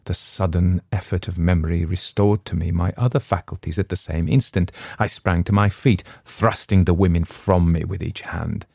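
A man reading a classic story aloud in a measured, dramatic first-person narration. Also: low voice, fairly even intonation, vocal fry, a little mellow, slightly rough, no echo, studio quality. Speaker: audiobook narrator.

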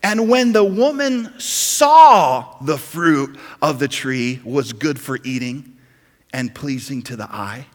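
A man's voice: mid-range voice, expressive, takes it slowly, big-room sound. A man preaching a sermon as pastor, building to emphatic, rising intensity.

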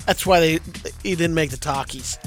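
A male co-host adds dry wisecracks in a casual podcast chat. His voice sits a little high, and music plays clearly underneath. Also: normal speed. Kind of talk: casual banter.

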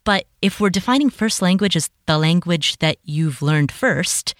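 A woman whose first language is Nepali hosts a solo podcast from a home closet, reading listener reviews in her outro. She's chatty and enthusiastic, articulating carefully in a fairly low, animated voice at an unhurried pace. The recording from her closet home studio mic is dry and studio quality.

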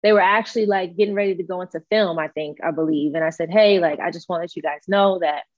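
Young woman telling a relaxed story. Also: fairly low pitch, quick pace, dry recording, highs cut off. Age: young adult. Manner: relaxed, filler-heavy, acts out quoted dialogue. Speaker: college basketball player. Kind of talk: casual interview storytelling.

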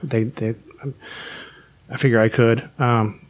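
A man's voice: mid-range voice, little pitch movement, slow pace. A man on a podcast telling his life story in casual chat, candid and full of swearing. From West Virginia. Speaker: podcast guest.

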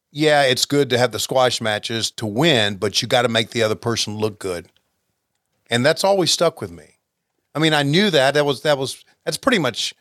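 A man co-hosts a casual podcast chat in a relaxed, joking way and tells old stories. His voice sits at a middle pitch. The sound is dry and close. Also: no room sound. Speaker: podcast co-host watching old wrestling.

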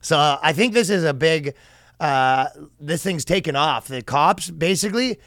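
A man's voice: on the high side, expressive, normal speed, fairly bright tone, no echo, studio quality. A man co-hosting a comedy podcast, chatting casually, laughing often and acting out silly quoted lines. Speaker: podcast co-host.

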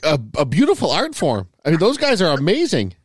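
A man's voice: fairly high pitch, huge pitch swings, fairly quick, dry recording, clean studio sound. A middle-aged man co-hosting a casual podcast chat, joking and rambling, often breaking into laughter. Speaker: podcast co-host.

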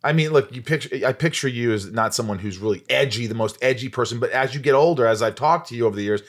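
A man's voice: medium pitch, fast. A man interviewing an actress, asking questions in a playful, teasing way.

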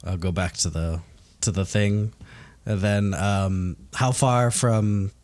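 A man's voice: lowish voice, fairly even intonation, slow, a little mellow. A man playing in a tabletop game, chatting casually and hesitantly. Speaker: player.

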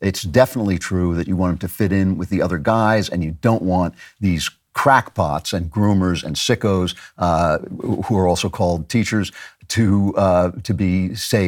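A man hosting a show, answering listener questions in an unhurried, halting way with many fillers. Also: deep voice. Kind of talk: casual commentary.

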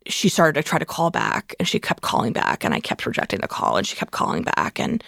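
A woman's voice: deep voice, huge pitch swings, a little fast, creaky, fairly bright tone, dry recording, clean studio sound. A woman telling a painful personal story in a candid, conversational way, full of "like" fillers. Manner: conversational, frequent "like" fillers, emotional recollection. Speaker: memoir author, interview guest.

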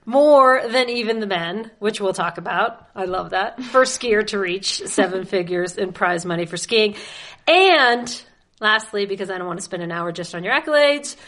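A woman's voice: mid-range voice, moderate pace, few pauses, fairly bright tone. Playful woman hosting a chat. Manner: playful, teasing, reads out lists. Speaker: podcast host. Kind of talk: casual interview.

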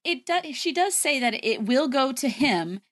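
A young woman with a fairly high voice chats casually about a film on a podcast. She giggles often and fills her speech with "like.". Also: lively intonation, a little slow, a bit bright. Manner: giggly, lots of "like" and laughter. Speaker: podcast co-host. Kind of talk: casual movie discussion.

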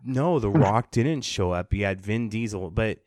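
A man's voice: lowish voice, animated, measured pace, a little mellow, no room sound, studio quality. A man hosting a podcast, chatting casually about entertainment news, with sarcastic asides. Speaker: podcast host. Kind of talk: casual pop-culture chat.

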